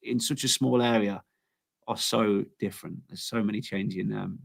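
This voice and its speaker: A man's voice: lowish voice, fairly even intonation, moderate pace, gravelly, breathy edge. A man with an English accent, a guest chatting casually on a livestream, laughing often and restarting his sentences. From England. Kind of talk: casual chat.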